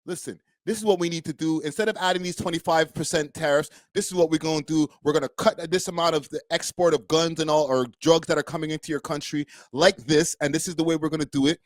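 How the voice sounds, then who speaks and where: A man's voice: on the high side, steady tone, fast talker, hardly any pauses, no room sound, close to an everyday voice. A man doing a mocking, whiny impression of a timid male prime minister pleading about tariffs.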